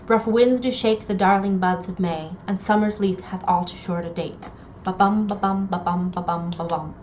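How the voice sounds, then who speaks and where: A woman English instructor giving a recorded lecture, explaining terms clearly and reading poems aloud. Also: mid-range voice. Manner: clear explanatory delivery with quoted poem readings. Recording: dull lo-fi audio, faint noise.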